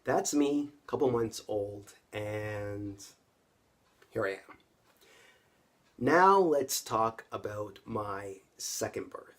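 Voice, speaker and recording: A man of about fifty, from Canada, tells a personal story to camera. His voice sits low and a bit husky. He keeps it conversational and speaks right to the people watching. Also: animated, slow pace, pauses often, a bit bright. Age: around 50. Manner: conversational, addresses viewers directly. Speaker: vlogger.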